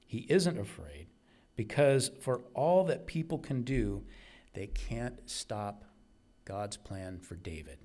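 A man's voice: lowish voice, big pitch swings, takes it slowly, warm tone. A man preaching a sermon, earnest and emphatic, repeating key phrases for weight.

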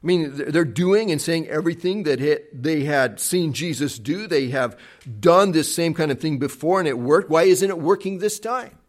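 A man's voice: on the high side, normal speed, hardly any pauses. Preacher man telling a story dramatically. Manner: dramatic storytelling, acting out quotes, dropping to soft tones. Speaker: pastor. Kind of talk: sermon.

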